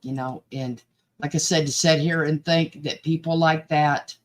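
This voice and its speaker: A woman's voice: low voice, fairly even intonation, normal speed. A woman co-hosting a casual chat, speaking in a subdued, reflective way. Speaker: panel co-host.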